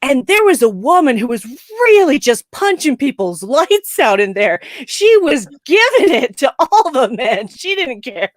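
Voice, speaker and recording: A woman co-hosting a casual live-stream chat, animated and laughing often. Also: high-pitched, measured pace, hardly any pauses, dry recording, studio quality. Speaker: co-host.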